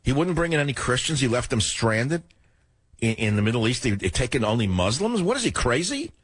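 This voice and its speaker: An older man hosting a radio talk show, ranting sarcastically through an opinionated monologue with a husky voice. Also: medium pitch, animated, brisk, no room sound.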